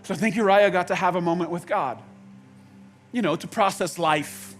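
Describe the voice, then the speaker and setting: A man preaching a sermon in a conversational way, with halting restarts, dropping to quiet intensity and rising to loud outbursts. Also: high voice, faint music behind. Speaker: pastor. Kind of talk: sermon with acted-out quotes.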